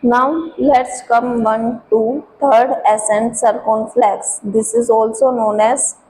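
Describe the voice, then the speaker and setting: A woman with an Indian English accent teaching French in a school classroom, and she talks slowly, spelling out letters and sounding out words one at a time. Her voice is fairly high yet mellow. Faint noise sits under the recording. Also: rough recording. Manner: slow, step-by-step explaining, repeating sounds and letters.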